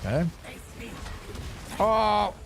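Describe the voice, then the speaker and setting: A man's voice: high-pitched, expressive, drawn-out words, a little hiss or hum. A man streaming a game, chatting casually and swearing as he plays and rants. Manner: swears freely, rants animatedly. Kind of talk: casual gameplay commentary.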